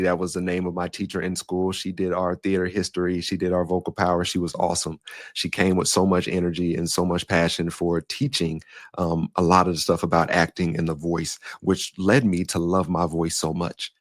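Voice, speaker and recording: A young man from Denver with an African American English accent and Southern touches, slightly nasal and raspy, telling stories in a casual monologue as a podcast host. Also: deep voice, dry recording, clean studio sound. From Denver, Colorado. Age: young adult. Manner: storytelling, shifts voice up and down.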